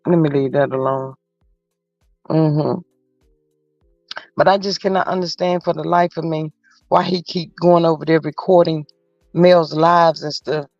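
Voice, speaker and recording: A woman's voice: lowish voice, a little mellow, dry recording. A woman hosting a casual live chat, reading out viewer comments in a gossipy way and dropping in frequent mm-hmm's. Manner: chatty and gossipy, frequent mm-hmm interjections. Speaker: livestream host. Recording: muffled lo-fi audio with faint music.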